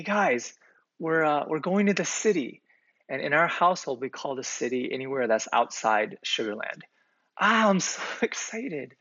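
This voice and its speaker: A man's voice: medium pitch, vocal fry, a bit bright, husky, dry recording. A male pastor delivering a sermon in an earnest, conversational way, with occasional fillers. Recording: slightly muffled, dry recording.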